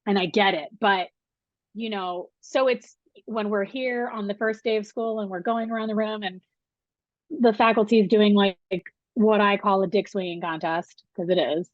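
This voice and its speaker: A woman's voice: mid-range voice, steady tone, moderate pace, dry recording. A young woman, a film school professor, talking candidly and animatedly in an interview, with casual swearing. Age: young adult. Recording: dull, dry recording.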